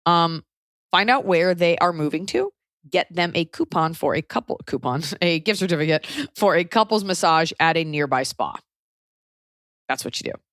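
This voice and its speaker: A woman hosting a podcast, giving blunt, profane, animated advice in casual chat. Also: fairly low pitch, normal speed, no room sound, clean studio sound. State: pregnant. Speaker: podcast host.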